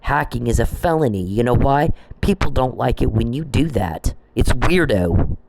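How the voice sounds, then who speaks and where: A man's voice: medium pitch, expressive, normal speed, gravelly, background noise. A man delivering a profane, confrontational rant that speaks straight at the people he blames, often repeating and restarting phrases. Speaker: vlogger. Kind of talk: angry ranting monologue.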